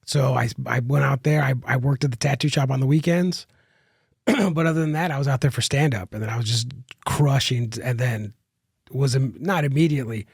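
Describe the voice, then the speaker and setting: A man's voice: medium pitch, gravelly, darkish tone, husky, dry recording, studio quality. A man telling a long rambling story on a podcast, full of restarts and casual swearing. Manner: rambling, many restarts and fillers, swears freely. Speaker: guest comedian.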